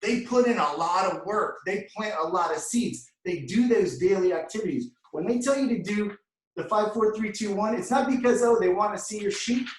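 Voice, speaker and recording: Fired-up guy telling his story to the crowd, kinda high voice, echoey and far from the mic. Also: moderate pace. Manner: energetic storytelling, addresses crowd as guys. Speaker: award recipient speaker. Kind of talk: motivational testimonial talk.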